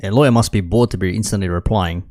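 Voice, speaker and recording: A man's voice: low voice, quick pace, darkish tone. A man doing casual live commentary, rambling and restarting his sentences, dropping bro and man. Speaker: commentary streamer.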